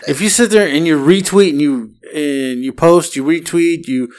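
A man's voice: on the high side, normal speed. A man hosting a podcast in casual chat, laid-back and swearing when worked up. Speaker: podcast host.

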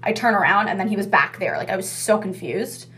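A woman's voice: mid-range voice, a little fast, fairly bright tone, a little hiss or hum. A young woman telling a casual story about her restaurant takeout job. She swears freely and says "like" a lot. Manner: chatty, swears freely, heavy use of "like".

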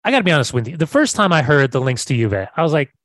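A man's voice: fairly high pitch, big pitch swings, very fast, fairly bright tone, dry recording. Enthusiastic American man talking soccer. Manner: enthusiastic, repeats words as he restarts. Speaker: podcast co-host. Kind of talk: casual sports chat.

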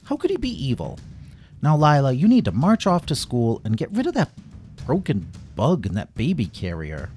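A man's voice: mid-range voice, huge pitch swings, normal speed, a little mellow, soft background music, voice pushed up. Man playing a smug hesitant town guard. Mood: dismissive. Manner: hesitant and patronizing.

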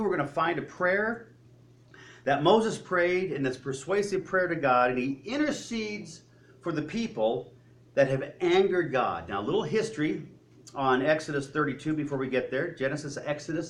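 Lively man preaching a sermon. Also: fairly high pitch, moderate pace. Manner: animated storytelling with joking asides. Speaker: pastor.

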